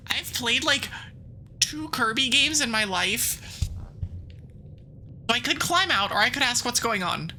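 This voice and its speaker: A woman VTuber chats through a game stream with a very bright, cutting voice that swings widely in pitch. She rambles playfully, with quick asides and giggles, and stops now and then to read the game text aloud. Her voice sits a little high. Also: lively intonation, a little hiss or hum, poor audio.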